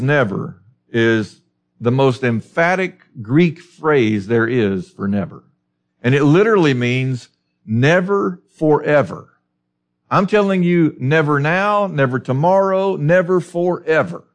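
A man's voice: mid-range voice, expressive, unhurried. A man preaching a sermon, teaching through a Bible passage with emphatic rhetorical questions.

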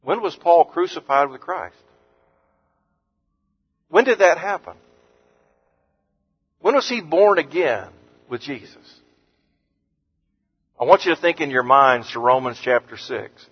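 A man preaching an earnest sermon as pastor, lifting his voice on scripture quotes and dropping low and soft on words of comfort. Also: expressive, slow pace, pauses often, husky. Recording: muffled sound with long hall reverb.

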